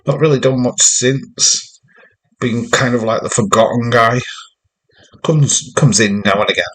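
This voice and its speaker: A man's voice: medium pitch, a little slow, a bit bright, poor audio. A man giving rambling, jokey running commentary while hosting a live wrestling watch-along stream.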